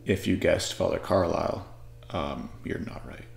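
A man's voice: sits low, steady tone, normal speed, gravelly, darkish tone, roomy sound, a little hiss or hum. A man from Arizona talking in a rambling, joking casual monologue.

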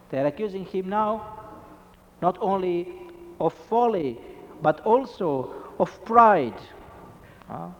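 A man's voice: sits high, lively intonation, slow pace, long pauses, big-room sound, muffled recording. A man preaching a Catholic sermon, emphatic and full of rhetorical questions.

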